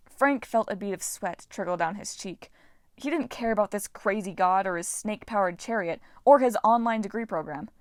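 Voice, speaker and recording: Woman, audiobook reader, steady narration, mid pitch, dry close sound. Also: moderate pace, no room sound. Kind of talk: reading a novel aloud.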